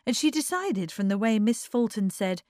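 A woman narrating an audiobook in a measured, expressive reading. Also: mid-range voice, no echo, studio quality.

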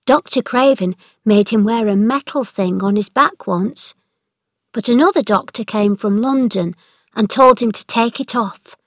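A woman's voice: on the high side, unhurried, no room sound, studio quality. A woman reading aloud, voicing a chatty, kindly young housemaid passing on household gossip. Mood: confiding. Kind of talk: read-aloud storybook dialogue.

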